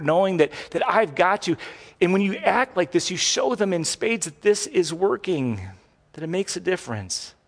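A middle-aged man preaching a sermon as pastor, talking conversationally with frequent asides and restarts. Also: a little high. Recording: long hall reverb.

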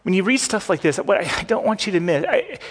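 A man delivers a sermon in a relaxed, talking style, stumbling and restarting now and then. He voices the cries and prayers of the people in his story. His voice sits a bit high, and a long reverb from the hall trails behind it. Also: fast, husky. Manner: conversational preaching with restarts, acting out cries and prayers. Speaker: pastor.

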